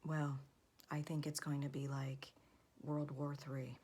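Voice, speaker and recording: A woman's voice: sits low, level tone, takes it slowly, darkish tone, husky. A woman vlogger in her thirties or forties, earnestly delivering a religious warning, often half-whispering.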